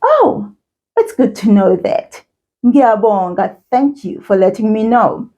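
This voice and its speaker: A woman teaching children a language lesson, speaking slowly and encouragingly and repeating words for learners to echo. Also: mid-range voice, very animated, mellow. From South Africa.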